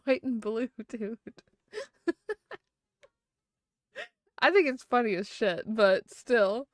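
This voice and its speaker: A woman's voice: on the high side, fairly bright tone, no echo, clean studio sound. A woman streaming live, chatting casually and giggling often, with lots of fillers.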